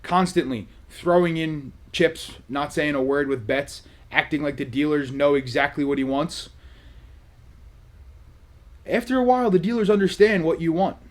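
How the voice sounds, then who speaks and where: A man hosting a vlog, telling a casual story in a sarcastic, animated way. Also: on the high side, normal speed. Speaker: vlog host.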